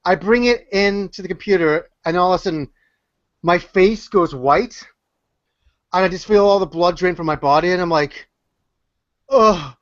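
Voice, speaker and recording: A man's voice: sits high, moderate pace, dry recording. A Canadian man talking on a casual podcast, joking and rambling with lots of fillers and restarts. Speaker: YouTuber and podcast guest. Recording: muffled, lo-fi podcast audio.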